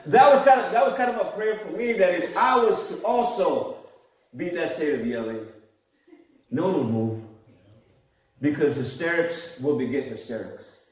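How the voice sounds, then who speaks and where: A man's voice: a little high, lively intonation, moderate pace. A middle-aged man preaching a sermon as pastor, telling stories conversationally and laughing along. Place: church hall. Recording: echoey church hall, mic at a distance.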